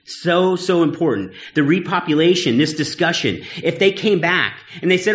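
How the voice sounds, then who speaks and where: Preacher, slightly high voice. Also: male voice, animated, moderate pace, hardly any pauses, fairly bright tone. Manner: conversational, teasing, earnest. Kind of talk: sermon. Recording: echoey room.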